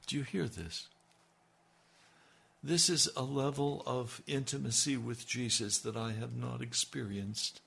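A man preaching an impassioned radio sermon as pastor, swinging between loud emphasis and hushed, intimate lines. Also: medium pitch, fairly even intonation, a little slow, creaky, slightly rough.

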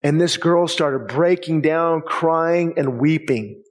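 A man's voice: a little high, slow pace. A man preaching a sermon as a pastor, impassioned and conversational, often repeating himself as he presses a point. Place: church sanctuary. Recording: long reverb of a church hall.

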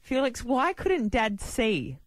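A woman hosting breakfast radio, teasing and lively in her banter. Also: fairly high pitch, dry recording, studio quality. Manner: teasing, lively, quick to laugh. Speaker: radio host.

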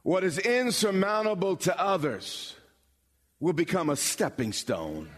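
A pastor preaching a sermon, building from explanation to bold, emphatic calls with dramatic pauses. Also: male voice, sits high, sing-song. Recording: long hall reverb.

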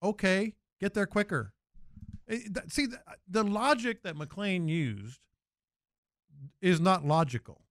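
A man's voice: high-pitched, expressive, takes it slowly, pauses often, dry recording. Conversational male sports radio host.

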